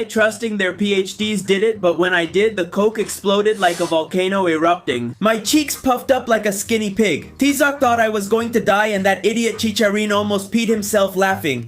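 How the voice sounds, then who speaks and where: A man narrating funny personal mishaps in an animated, comic storytelling style. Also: high voice, faint music behind. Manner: animated, quick, comic voices for quotes.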